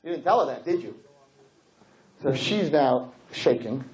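A man giving a storytelling sermon as a rabbi to an audience, animated and acting out the people in his story. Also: medium pitch, measured pace, poor audio. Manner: animated, acts out characters' voices.

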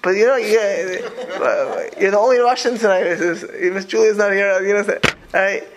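A man's voice: high voice, steady tone, moderate pace, a crowd in the background. A man giving an informal religious talk to a small group. He rambles with many restarts and mixes Hebrew and Yiddish terms into his speech. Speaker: religious teacher.

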